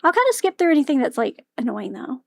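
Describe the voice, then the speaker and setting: A woman's voice: high-pitched, very animated, fast talker, creaky. A young woman streaming a game, chatting to herself with giggles, sighs and swearing. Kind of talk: casual livestream commentary.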